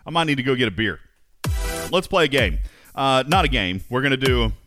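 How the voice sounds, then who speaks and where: A man's voice: mid-range voice, animated, fairly quick, bright, forceful tone, soft background music. A man hosting a casual livestream, joking, laughing often and announcing segments in a sing-song way. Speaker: livestream host.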